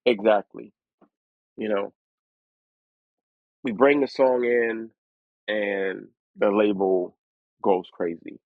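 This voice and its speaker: A man being interviewed as a guest rapper, telling stories in a lively way and acting out other people's voices as he goes. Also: on the low side, slow, pauses often, dry recording. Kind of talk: storytelling interview. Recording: dry, tinny phone-like line.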